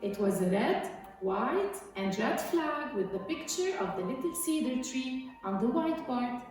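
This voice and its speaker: A teacher reading a children's story aloud slowly and carefully. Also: female voice, high voice, expressive, darkish tone. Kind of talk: storybook narration. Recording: echoey room, far from mic, faint music.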